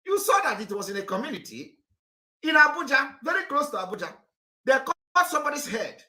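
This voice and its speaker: Fiery high-voiced Nigerian man. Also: very animated, brisk. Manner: fiery, repetitive, rises to shouting. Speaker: political activist. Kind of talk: impassioned political address.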